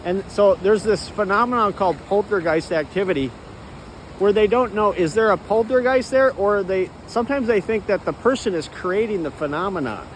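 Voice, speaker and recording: A man vlogging outdoors while walking, rambling and clearing his throat often. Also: high voice, moderate pace, a little hiss or hum, low-quality recording.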